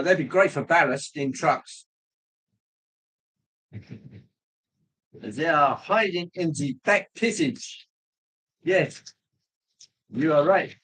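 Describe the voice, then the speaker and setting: A man hosting a casual livestream, chatting with viewers in a rambling, jokey way with frequent pauses. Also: fairly high pitch, a bit bright, low-quality recording. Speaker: livestream host.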